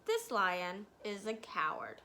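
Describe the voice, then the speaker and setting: A woman's voice: a little high, big pitch swings, measured pace, bright, forceful tone, a little hiss or hum, exaggerated voice. A woman voicing an eager, friendly male scarecrow who talks persuasively, for a storybook reading.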